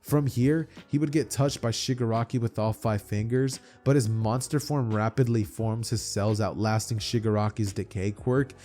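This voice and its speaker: A man's voice: on the low side, normal speed, few pauses, mellow, faint music behind. A man telling an imagined fan story in a loose, run-on way, often restarting his phrases. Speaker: narrator. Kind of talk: casual fan-fiction storytelling.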